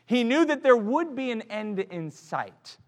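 A man delivers a sermon in a church sanctuary. His voice sits high and swoops widely in pitch. He drops to near-hushed lines and then rises to loud, emphatic ones, with a long reverb trailing each phrase. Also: very animated, a little slow. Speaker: preacher.

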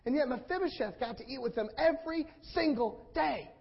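A man with a very high, husky voice preaches a sermon with passion, stacking repeated phrases into rhetorical build-ups and acting out what people say. The recording sounds dull and lo-fi. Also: a little fast. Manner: impassioned, repetitive rhetorical build-ups, acts out quotes.

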